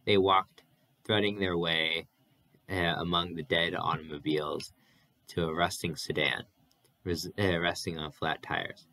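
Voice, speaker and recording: A man's voice: deep voice, fairly even intonation, unhurried, sharp tone. A man reading a novel aloud as narrator, with occasional restarts and fillers. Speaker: audiobook reader.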